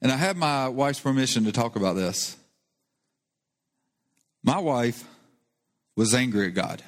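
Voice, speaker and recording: This sermon comes from a male pastor with a medium-pitched, animated voice who takes his time. He's earnest and conversational, lifting his emphasis on key points, and the church hall gives a long reverb.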